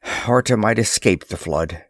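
A man's voice: fairly low pitch, no echo, clean studio sound. Man reading a somber underworld chief. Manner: somber, slow, formal. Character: grave middle-aged male underworld leader.

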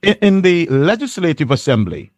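A man's voice: fairly high pitch, big pitch swings, moderate pace, dry recording. A man hosting a panel discussion, insisting and repeating himself when cut off. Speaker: host.

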